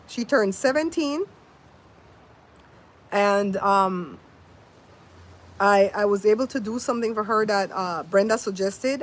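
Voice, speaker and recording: An older woman, a grandmother, hosting a casual livestream outdoors, telling stories and mimicking sounds as she chats to viewers by name. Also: a little high. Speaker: livestream host. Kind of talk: casual livestream chat and storytelling. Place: outdoors in wind. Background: faint wind noise.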